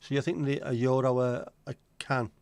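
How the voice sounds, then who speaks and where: A man's voice: medium pitch, little pitch movement, a little fast, vocal fry, a little mellow, smooth, dry recording. A man hosting a casual livestream, chatty and joking as he answers viewer comments. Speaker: livestream host.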